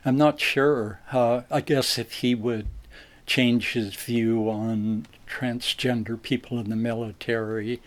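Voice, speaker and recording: Slow, hesitant male voter. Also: medium pitch, fairly even intonation. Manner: hesitant, halting. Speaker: interviewed voter.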